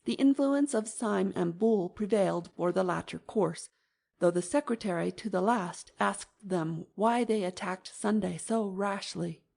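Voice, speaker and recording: A woman narrating an audiobook in an even, measured manner. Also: medium pitch, vocal fry.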